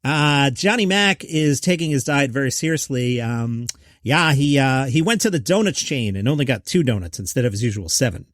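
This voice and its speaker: A man imitating a late-night host who deliberately fills a joke with ums and uhs. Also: mid-range voice, expressive, fairly bright tone, dry recording, clean studio sound, close to an everyday voice. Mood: deadpan.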